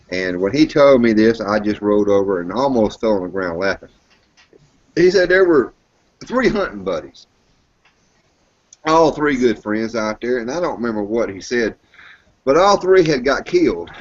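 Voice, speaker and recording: A man's voice: lowish voice, no echo. A man, hosting a casual chat and telling a joke with lots of character voices. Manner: animated storyteller, throws voices for quoted characters. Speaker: host; grocery store worker. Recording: dull lo-fi recording.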